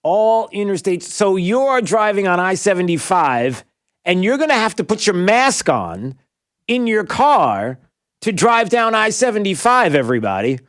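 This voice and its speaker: A man hosting a talk radio show, giving an emphatic opinion monologue that rises to near-yelling when he gets riled. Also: high-pitched, big pitch swings, unhurried, dry recording, clean studio sound.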